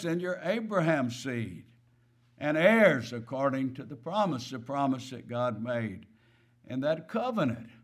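Man, preacher, sermon, emphatic, rhetorical questions, somewhat high voice. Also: fairly bright tone. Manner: emphatic, repeats key words, rhetorical questions.

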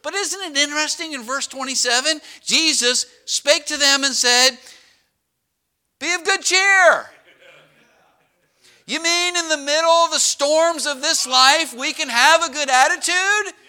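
A high-pitched man with a piercing, bright voice delivers a sermon as the pastor. He tells stories with animated pacing, stretching words and then dropping to a hushed tone for emphasis. He sounds middle-aged. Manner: animated storytelling with dramatic slowdowns and drops to a hush.

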